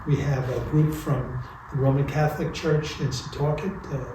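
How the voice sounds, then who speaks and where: A man with a fairly high voice hosts in a friendly, halting way, pausing on "uh" and repeating words. He is heard from far off in a church with heavy reverb. Clear room noise hangs behind him. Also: little pitch movement. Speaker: concert series host. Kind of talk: audience Q&A and announcements. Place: church concert hall.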